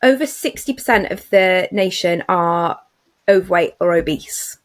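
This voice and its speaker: Speaking at a measured pace in a fairly low voice, a female podcast co-host keeps the conversation casual and enthusiastic. She often uses fillers and restarts her sentences.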